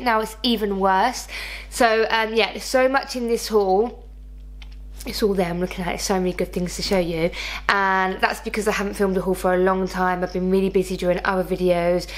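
A woman's voice: mid-range voice, steady tone, brisk, low-quality recording. A woman with a noticeable lisp, chatting self-consciously through a casual fashion haul video. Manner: chatty, self-conscious about her speech. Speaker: fashion YouTuber. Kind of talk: casual haul vlog chat.

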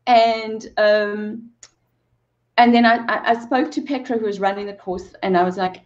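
A woman's voice: mid-range voice, flat delivery, moderate pace, gravelly, dull audio. A woman in her forties, a movement coach and interview guest, telling an emotional personal story with earnest repeated phrases and bits of laughter.

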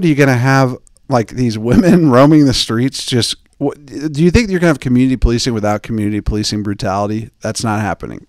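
Casting note: male podcast host, mid pitch, meandering comic storyteller, dry booth sound. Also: dry recording. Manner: digressive, joking, mimics people in quoted asides. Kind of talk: rambling comedic podcast chat.

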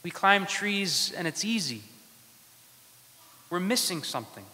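A male priest delivers a sermon in a slow, deliberate cadence, pausing between short phrases. His voice sits a little high and has a bright, forceful edge. The church gives it a long, ringing reverb. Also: big pitch swings. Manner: slow, measured preaching with dramatic pauses.

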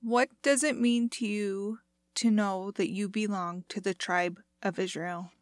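A woman interviewer asking slow, gentle questions. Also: medium pitch, steady tone, no room sound, clean studio sound.

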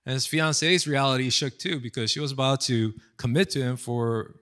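A man's voice: mid-range voice, moderate pace. Casual storytelling pastor, man. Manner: casual, animated storytelling with fillers and acted quotes. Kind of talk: storytelling sermon. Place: indoors, online seminar recording.

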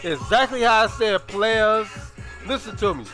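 Young chicago dude streaming, high voice, slangy and cussing, lil music behind. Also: male voice, a little fast, pushed and bright. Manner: slangy, profane, drawling repetitions. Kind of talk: casual stream chat.

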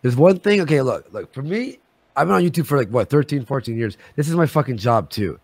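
Gravelly, heated man arguing on stream. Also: medium pitch, expressive, no echo. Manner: agitated, swearing, rapid shifts in loudness; talks in quick bursts with restarts. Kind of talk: heated argument on a live stream.

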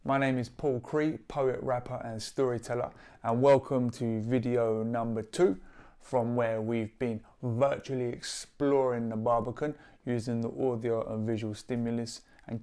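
An upbeat man guides young writers through rhyming exercises. He speaks in a clear, encouraging teacher-like way and gives playful example rhymes. His pitch sits in a middle range. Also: darkish tone. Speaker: poet and workshop leader. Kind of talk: instructional video for young writers.

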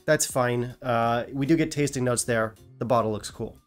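A man's voice: medium pitch, normal speed, faint music behind. A man hosting a whisky review channel, talking casually with dry, self-mocking humor and a non-British English accent.

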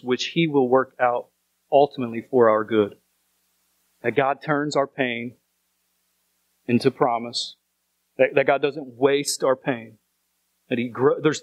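A man's voice: mid-range voice, no echo, poor audio. A man preaching a sermon as pastor, speaking earnestly and repeating phrases for emphasis.

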